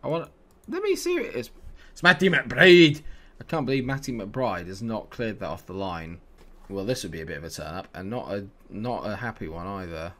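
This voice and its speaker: A video game player commentates live on his football management game, a little fast, his delivery swinging between quiet muttering and excited shouting.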